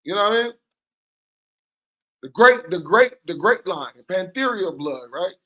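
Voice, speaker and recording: A man's voice: high voice, animated, unhurried, dull audio. A man calling in as a guest on a livestream, talking in a laid-back, boastful, joking way. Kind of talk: casual livestream banter.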